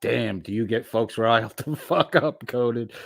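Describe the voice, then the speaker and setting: A man's voice: medium pitch, gravelly, no echo. A middle-aged man hosting a casual livestream, reading out chat messages and answering them with loose, profane banter. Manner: slow, drawling, profane banter.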